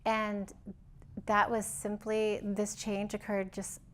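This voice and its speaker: A woman's voice: mid-range voice, monotone, takes it slowly, slight background noise. A woman host asking curious follow-up questions in an interview. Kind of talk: conversational interview.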